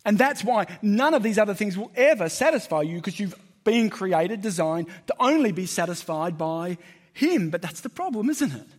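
A man's voice: high-pitched, animated, normal speed. A man preaching a sermon, conversational and emphatic, asking the congregation questions.

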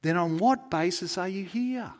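A man voicing an officious male supervising angel who runs through brisk checklist questions in a sermon story. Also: high voice, voice pushed up, natural voice.

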